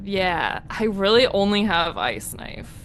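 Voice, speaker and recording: Woman, tabletop player, hesitant, mid pitch, faint music. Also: sing-song, takes it slowly, fairly bright tone. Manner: hesitant, lots of ums and restarts. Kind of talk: casual tabletop play.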